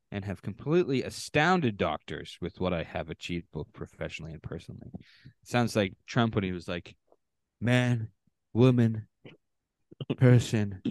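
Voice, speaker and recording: A man's voice: mid-range voice, no room sound, clean studio sound. A man from Canada co-hosting a casual podcast, reading contestant bios aloud with offhand asides. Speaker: podcast co-host.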